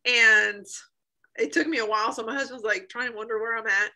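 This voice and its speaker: Woman, 30s, bright slightly high voice, animated storyteller who laughs and acts out quotes. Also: brisk, low-quality recording. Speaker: guest sharing a healing testimony. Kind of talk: emotional personal storytelling.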